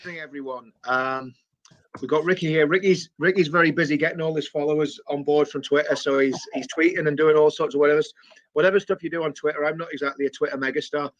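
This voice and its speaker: A man's voice: fairly high pitch, steady tone, fast talker, no echo, lo-fi sound. A man hosting a live stream, hesitant and full of ums and slips. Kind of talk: casual live-stream talk.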